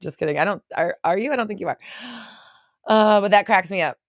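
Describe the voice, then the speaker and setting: A woman's voice: medium pitch, animated, no room sound, studio quality. A woman from California, a mindset coach hosting a casual livestream. She chats and rambles as she reads viewer comments, often laughing and gasping. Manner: chatty, rambling, quick to laugh and gasp.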